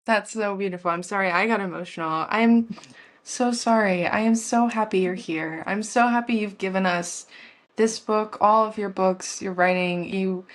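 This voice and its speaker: A woman's voice: mid-range voice, moderate pace. Gushing woman host, rambling. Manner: gushing, warm praise, rambling restarts. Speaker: interview host. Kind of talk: conversational interview.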